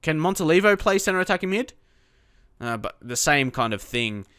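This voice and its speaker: A young man chatting through live gameplay, talking to himself and his viewers and erupting in frustrated shouts at his players. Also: fairly high pitch, sing-song, moderate pace, clear, resonant tone, dry recording, clean studio sound. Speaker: gaming YouTuber.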